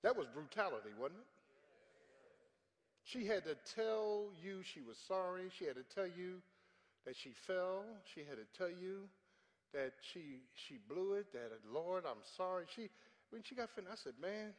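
A middle-aged man preaching a sermon as pastor, animated with sudden shouted peaks. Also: high voice, measured pace. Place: large church sanctuary. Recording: church hall with long reverb.

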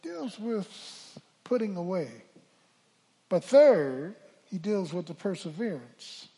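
Older preacher with a husky voice. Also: male voice, high-pitched, sing-song, takes it slowly. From Philadelphia. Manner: call-and-response preaching, swings from hushed to shouting. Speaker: pastor. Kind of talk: sermon. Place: church sanctuary. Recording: church hall reverb.

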